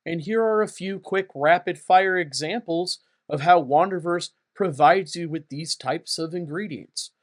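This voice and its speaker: A man hosting his own channel, talking in a playful, jokey, animated way as a game designer. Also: a little high, measured pace, few pauses. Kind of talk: comedic casual vlog.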